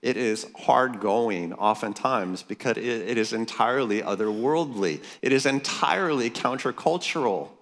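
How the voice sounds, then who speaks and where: A man's voice: medium pitch, moderate pace, few pauses, fairly bright tone. A man preaching a sermon to a conference crowd, emphatic and jokey, calling out for amens. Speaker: pastor speaking at a leaders' conference. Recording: long reverb of a large hall.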